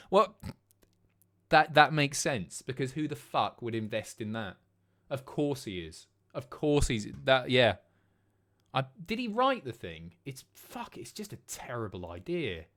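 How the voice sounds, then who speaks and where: A man's voice: medium pitch, fairly bright tone. Chatty streamer man, swears at chat. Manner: banters with chat, swears freely. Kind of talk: casual chat.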